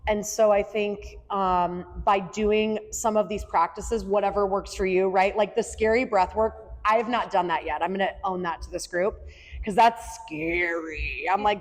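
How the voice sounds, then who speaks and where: A woman's voice: mid-range voice, steady tone, a little slow. A woman with a mid-range voice talks chattily and openly, peppering her speech with "like" and "right?". Her voice sits in a room with a long, trailing reverb. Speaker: guest. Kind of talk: candid conversational talk. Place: room with a small audience.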